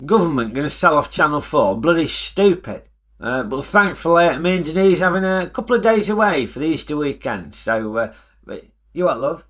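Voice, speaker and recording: A man's voice: a little high, lively intonation, fairly quick, a bit bright. A middle-aged man with a Northern English accent giving blunt, grumbling film reviews in a comic character vlog.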